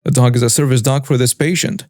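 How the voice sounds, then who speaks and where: A man voicing a calm, courteous female clinic receptionist. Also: medium pitch, quick pace, no room sound, clean studio sound, close to an everyday voice. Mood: polite.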